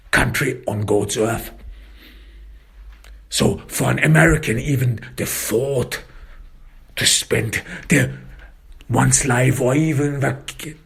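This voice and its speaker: Gravelly, husky, slow-talking man narrator. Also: medium pitch, fairly bright tone. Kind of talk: first-person detective story narration.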